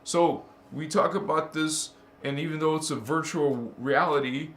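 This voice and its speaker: A man's voice: fairly high pitch, unhurried, a bit bright. A man hosting a spiritual channel, talking casually and playfully, laughing often and calling the listener honey. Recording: roomy echo.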